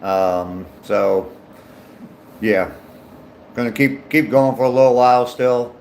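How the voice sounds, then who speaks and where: A man's voice: medium pitch, little pitch movement, takes it slowly, vocal fry, long pauses, a little mellow, slight background noise. An older man from Ohio who hosts a daily live stream, chatting casually with viewers while out on a walk and greeting them by name, with many ums. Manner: reads viewer names aloud and chats back, with many ums. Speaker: livestream host. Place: outdoors on a walk.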